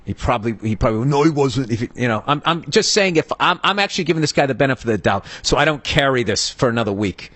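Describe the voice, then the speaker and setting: A man's voice: medium pitch, animated, fast talker, few pauses, pushed and bright, no room sound. Heated profane middle-aged man ranting. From United States. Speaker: podcast host. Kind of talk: comedic storytelling rant.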